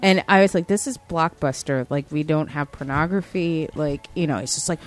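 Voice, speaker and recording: A woman's voice: normal speed, hardly any pauses. A woman in her thirties, a former store manager, telling a workplace story in casual chat and acting out the customer. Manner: animated retelling, acts out the customer in a higher voice.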